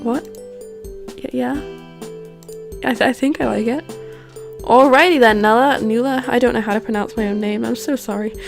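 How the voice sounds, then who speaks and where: A woman's voice: on the high side, steady tone, normal speed, vocal fry, pauses often, soft background music. A woman streamer chatting casually and playfully through a game, often poking fun at herself. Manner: chatty, self-mocking and playful. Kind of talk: casual gaming livestream chat.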